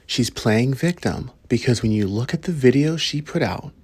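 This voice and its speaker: A man's voice: mid-range voice, expressive, normal speed, darkish tone, slightly rough. A man hosting a reaction video, bluntly scolding the person in the clip and speaking directly to his viewers. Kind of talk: commentary on a clip.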